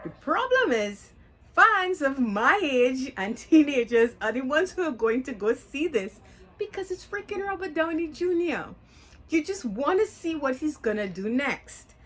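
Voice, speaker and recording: A woman's voice: high-pitched, big pitch swings, measured pace, a bit bright. Chatty woman reviewing a movie. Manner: chatty, candid, with filler words and restarts. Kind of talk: casual spoken review.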